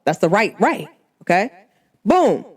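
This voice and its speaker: A woman hosting her own show, telling a story in an animated, emphatic way and punctuating it with sharp interjections. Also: medium pitch, measured pace. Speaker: podcast host. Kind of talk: storytelling monologue.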